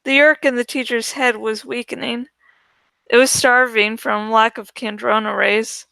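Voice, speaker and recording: A woman reading a novel aloud in first-person audiobook narration, slow and deliberate. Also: a little high, steady tone, gravelly, pushed and bright, dry recording. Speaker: audiobook reader.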